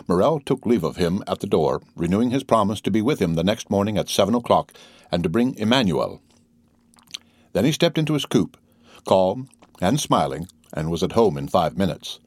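A man narrates a classic novel as an audiobook in a measured, even delivery. His voice is very low. The recording is dry and close, with no room sound. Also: no echo.

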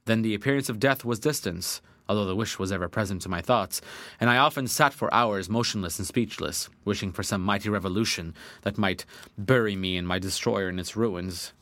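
A man's voice: fairly low pitch, a little fast, a bit bright, no echo. A man narrating a classic novel in the first person, in an earnest, dramatic way with old-fashioned diction. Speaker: audiobook narrator.

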